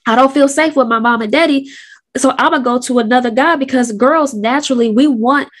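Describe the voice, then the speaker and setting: Candid woman in her thirties, slightly high. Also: a little fast. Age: 30s. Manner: candid, conversational, slangy. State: sick. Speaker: host. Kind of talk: casual personal storytelling.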